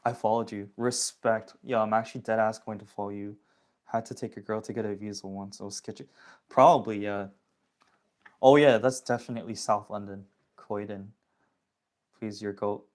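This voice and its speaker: A man's voice: fairly low pitch, steady tone, brisk. A young man from the area, chatting casually with viewers on a phone livestream, slangy and reading chat comments aloud. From Toronto area, Canada.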